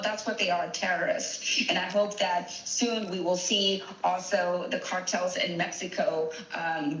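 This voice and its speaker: A woman's voice: lowish voice, a bit bright, echoey room, slight background noise, low-quality recording. A woman speaking as a political guest in a TV news interview, emphatic and repeating key words.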